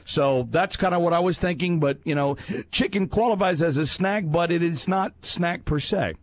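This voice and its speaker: A man hosting a fill-in-the-blank game on a sports talk show, playful and reading the prompts out slowly. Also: on the high side, slight background noise. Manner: playful, reads prompts slowly and judges answers. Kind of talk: casual radio sports chat.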